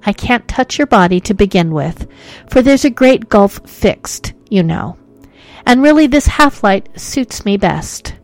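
A woman voicing a sad, lonely male ghost who speaks quietly and mournfully in an odd, faraway voice. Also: fairly high pitch.

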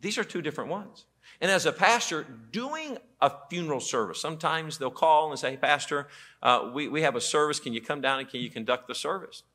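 Male pastor preaching a sermon, bright tone, animated storyteller. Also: a little high, a little fast. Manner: animated storytelling with quoted voices. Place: church auditorium.

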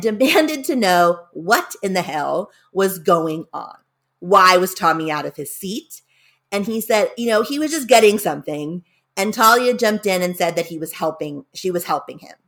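A woman's voice: lowish voice, fairly bright tone. A woman narrating a spooky story in a casual, conversational way, shifting tenses and leaning into the dramatic moments.

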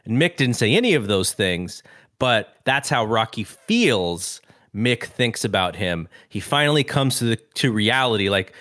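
A man's voice: lowish voice, big pitch swings, a little slow, a bit bright, dry recording, studio quality. A man co-hosting a podcast, retelling film scenes at length and acting out the characters' lines in a casual chat. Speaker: podcast co-host.

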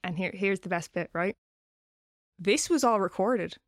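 A woman's voice: medium pitch, measured pace, no room sound, studio quality. Chatty swearing woman podcast host. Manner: loose, swearing, chatty delivery. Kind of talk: casual storytelling podcast chat.

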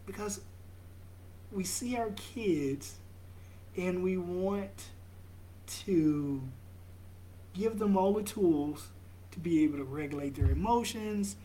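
A young father talking slowly and reflectively, with halting restarts and soft laughs. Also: high-pitched, slight background noise. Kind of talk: reflective vlog monologue.

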